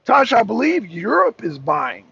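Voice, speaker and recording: A man's voice: extremely high pitch, wildly swooping pitch, moderate pace, creaky, sharp tone. A man hosting a casual political talk show, speaking emphatically with a caller, repeating himself and restarting sentences often. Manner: emphatic and repetitive, with frequent restarts. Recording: dull lo-fi sound.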